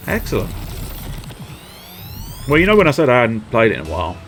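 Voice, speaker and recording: A man giving live gameplay commentary, excitable, sweary and self-mocking, with sudden yelps. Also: medium pitch, brisk, long pauses, faint music behind. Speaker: streamer.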